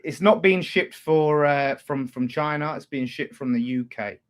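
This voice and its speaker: A man's voice: on the high side, unhurried, slight background noise. Man, co-host, casual football chat, blunt, sweary, video call. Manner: blunt, swears freely, frequent restarts. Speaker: co-host of a football fan show.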